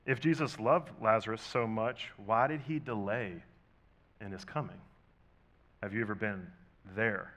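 A pastor preaching a sermon, talking conversationally with rhetorical questions and big swings between loud and soft. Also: male voice, on the low side, a little slow.

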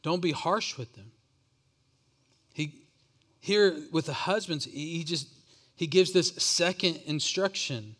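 A pastor preaches in a voice pitched a little high for a man. He speaks earnestly, often repeating words as he builds each point. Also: takes it slowly, long pauses, a bit bright. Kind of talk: sermon.

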